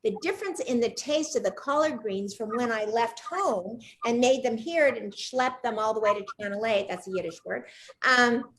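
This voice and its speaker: Woman host, slightly high voice, chatty storyteller on a video call. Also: animated, moderate pace, fairly bright tone. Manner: chatty storyteller, asks eager follow-up questions. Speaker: cooking show host. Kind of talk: casual video-call chat.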